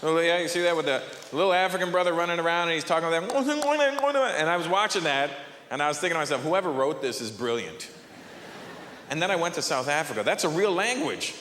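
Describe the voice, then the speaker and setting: A man performing a stand-up comedy set, animated and jumping between characters' voices. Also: a little high, fast, a little hiss or hum. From Canada. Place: large theater on stage. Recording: live hall reverb with audience.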